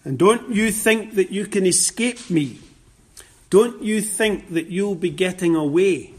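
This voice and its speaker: A preacher voicing a sneering, accusing devil. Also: male voice, high voice, lively intonation, measured pace, breathy edge, full character voice. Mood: taunting. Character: accusing, taunting male devil.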